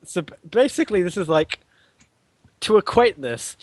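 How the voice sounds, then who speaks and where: A man's voice: high voice, sing-song, moderate pace, dry recording. A man running a tabletop game as game master, rambling and hesitant with frequent laughs.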